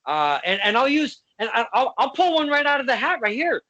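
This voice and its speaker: A man hosting an interview, talking as an eager fan with lots of halting fillers. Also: very high voice, big pitch swings, bright, forceful tone, dull audio. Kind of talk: casual interview chat.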